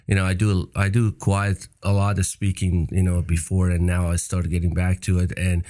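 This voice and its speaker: A man's voice: low-pitched, completely flat delivery, normal speed, dark tone. A man in his fifties whose first language is not English, telling stories with emphasis and repeating key phrases in a casual interview. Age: 50s. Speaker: podcast guest.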